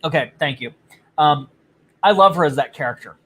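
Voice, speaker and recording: A man's voice: fairly high pitch, moderate pace, pushed and bright. A man co-hosting a casual chat, telling stories in a blunt, profane way. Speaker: podcast co-host.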